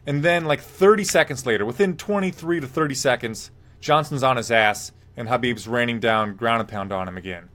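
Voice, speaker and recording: A man's voice: mid-range voice, fairly quick, a bit bright. A man hosting a live MMA podcast, talking casually and rambling, reading viewer comments aloud and giving blunt picks. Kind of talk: casual live-stream fight talk.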